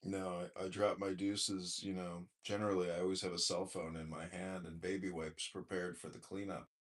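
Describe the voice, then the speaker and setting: A man's voice: low-pitched, little pitch movement, normal speed. A man hosting a crude, casual political chat in an online voice room, blunt and profane, given to rants. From Chicago area, US. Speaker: podcast host and mayoral candidate.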